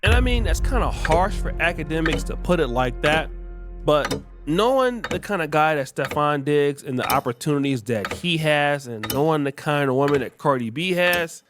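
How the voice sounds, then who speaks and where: A man's voice: fairly high pitch, expressive, normal speed, music in the background. A man hosting a podcast, casually walking listeners through celebrity gossip and the clips he shows. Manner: conversational, narrating clips to viewers. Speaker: podcast host.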